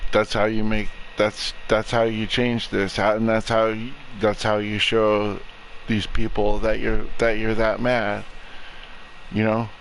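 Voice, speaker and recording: A young adult man streaming a game, rambling through a profane, deadpan conspiracy rant. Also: fairly low pitch, measured pace, a little hiss or hum, low-quality recording. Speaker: gaming streamer. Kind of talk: casual chat while streaming a game.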